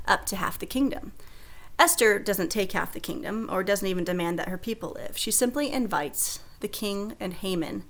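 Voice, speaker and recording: A woman's voice: mid-range voice, creaky, a bit bright. A woman teaching a recorded Sunday school lesson, retelling scripture in a conversational storytelling way.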